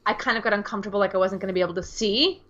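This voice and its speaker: A woman's voice: mid-range voice, racing, fairly bright tone, lo-fi sound. An American woman co-hosting a podcast, chatting casually and rambling with lots of fillers. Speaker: podcast co-host. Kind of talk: casual chat.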